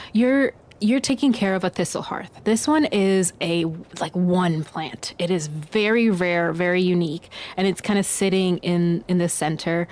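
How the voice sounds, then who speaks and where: A woman's voice: fairly low pitch, darkish tone. A woman narrating as game master of a tabletop game, meandering with many ums and self-corrections.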